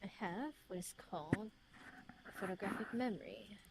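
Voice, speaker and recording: A woman's voice: mid-range voice, moderate pace, heavy background noise, close to an everyday voice. A smug otherworldly man in a British accent, as a woman puts him on. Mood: teasing. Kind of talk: reading a story game aloud.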